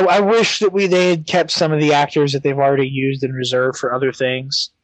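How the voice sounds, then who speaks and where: A man's voice: medium pitch, no echo, rough recording. A young man co-hosting a podcast, talking casually and hesitantly with many ums and restarts. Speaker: podcast co-host. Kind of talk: casual chat.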